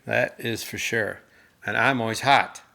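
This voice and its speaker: A middle-aged man rambling through a casual anecdote while he co-hosts a chat with his mother. His voice is bright and clear. He talks loosely, with restarts, and acts out the people in his story. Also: fairly low pitch, steady tone, measured pace. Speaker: co-host.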